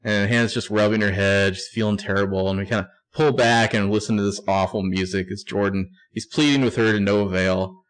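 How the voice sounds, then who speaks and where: A man's voice: lowish voice, fairly even intonation, fairly quick, few pauses, clean tone. A man co-hosting a casual show recap, narrating scenes with wry asides. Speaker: podcast co-host.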